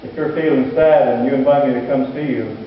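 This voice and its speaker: A pastor and hospital chaplain preaching a sermon, telling stories slowly and earnestly with dramatic pauses. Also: male voice, medium pitch, fairly even intonation, slight background noise. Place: church sanctuary. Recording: distant, echoey church hall, muffled.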